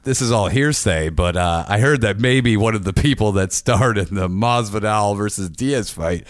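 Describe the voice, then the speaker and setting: A man's voice: fairly low pitch, normal speed, dry recording. Laid-back profane man, dry sound. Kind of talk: casual podcast chat.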